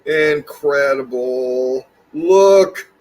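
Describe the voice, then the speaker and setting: A man hosting a casual livestream, speaking in slow, drawn-out, awed remarks. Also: mid-range voice, a little mellow. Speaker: livestream host.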